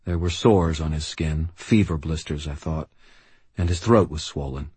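A man reading a first-person audiobook in a grim, steady way. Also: extremely low pitch, moderate pace, breathy edge, dry recording. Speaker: audiobook narrator.

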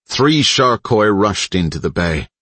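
A man reading an audiobook in a steady, dramatic narrating style on a close mic. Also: fairly low pitch, measured pace, husky, no room sound. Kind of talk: scripted narration.

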